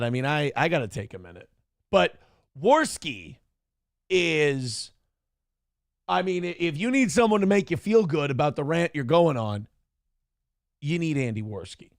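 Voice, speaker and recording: A man hosting a loose commentary show, rambling and swearing freely as he reads viewer messages. His voice sits a little high for a man and has a gravelly edge. The sound is dry and close. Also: no echo. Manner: profane, rambling, animated. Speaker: show host.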